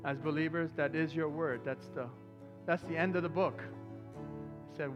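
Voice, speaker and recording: A man preaching a sermon as pastor, talking to the congregation in a relaxed way and breaking into loud excited bursts. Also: a little high, normal speed, music in the background.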